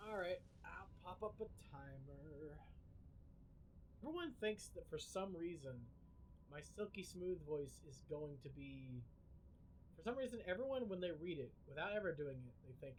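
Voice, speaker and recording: A man's voice: on the high side, lively intonation, normal speed, slight background noise, poor audio. A man chatting casually to his viewers on a live game stream, rambling loosely and filling his speech with lots of "like". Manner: rambling, filler-heavy talk.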